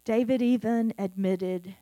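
A woman's voice: mid-range voice, a little slow, mellow, no echo. Woman preaching earnestly, dry with hum. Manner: earnest, conversational preaching with repeated phrases. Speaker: pastor. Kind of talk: sermon. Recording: dry with faint mains hum.

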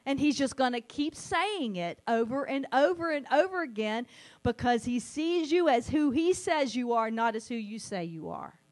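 A woman preaching a sermon, animated, sometimes acting out the voices she quotes. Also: high voice, moderate pace.

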